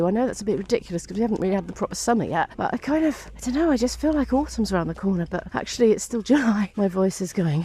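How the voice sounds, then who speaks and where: A woman's voice: medium pitch, slight background noise. Chatty woman vlogging on the move. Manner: chatty, laughs often, talks to camera while walking. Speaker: vlogger and musician. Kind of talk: casual vlog chat. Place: outdoors, walking between venues.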